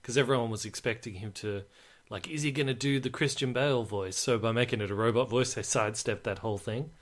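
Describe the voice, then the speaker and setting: A man's voice: medium pitch, fast talker. A man co-hosting a podcast, chatting casually and animatedly about films. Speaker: podcast co-host. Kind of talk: casual film chat.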